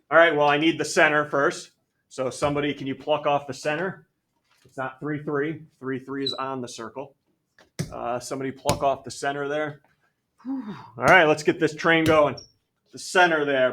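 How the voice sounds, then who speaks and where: Upbeat guy teaching a math class, kinda high voice, jokes around with the kids. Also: normal speed, a little hiss or hum. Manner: energetic, jokey, calls on students by name. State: out of breath. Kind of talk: classroom lecture.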